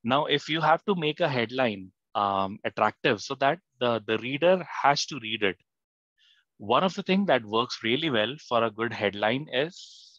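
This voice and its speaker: A man leads an online writing class, speaking haltingly with many fillers and restarts. His voice is mid-pitched, and the recording is dry and a little dull. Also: fairly bright tone, dry recording. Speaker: content writing instructor. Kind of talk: live online class lecture. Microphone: online class mic.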